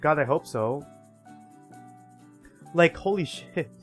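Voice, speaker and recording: A man's voice: fairly high pitch, lively intonation, slow, soft background music. A young man streaming a game, chatting casually, swearing freely and reading the story aloud.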